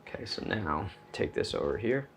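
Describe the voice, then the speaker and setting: Brief: chatty chef, very low voice, loud frying sizzle under every line. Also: male voice, normal speed, background noise. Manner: chatty, jokey, excitable. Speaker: chef host. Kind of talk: casual cooking demonstration. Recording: loud sizzling pan behind voice.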